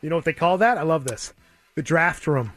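A man co-hosting a sports radio show, talking casually and pitching sponsors with enthusiasm. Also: expressive, fairly quick, fairly bright tone. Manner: enthusiastic pitchman, reads sponsor spots with gusto. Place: radio studio.

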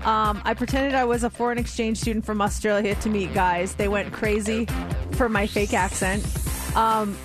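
A woman co-hosting a radio show, telling stories and reading news items in a chatty, lively way. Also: medium pitch, moderate pace, over music. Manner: chatty storyteller, animated. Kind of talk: casual radio chat and news segment. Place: radio studio. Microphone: studio mic.

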